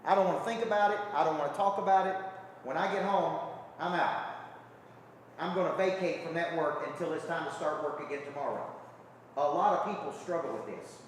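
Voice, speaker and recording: A man's voice: on the high side, a little fast, slight background noise. A man coaching a live audience, emphatic, constantly checking in with the crowd. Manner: emphatic, repeats rhetorical check-ins with the crowd. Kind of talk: seminar talk to an audience. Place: large hall with a live audience. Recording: echoey hall from far off.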